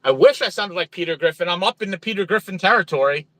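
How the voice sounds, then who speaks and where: A man with a New Jersey accent chats on a livestream from a truck stop. His voice sits a little high and has a sharp, forceful edge. The sound is dry and close, with no room around it. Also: expressive, fast talker, no echo, poor audio. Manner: chatty, friendly, greets viewers by name. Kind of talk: casual livestream chat reading viewer comments.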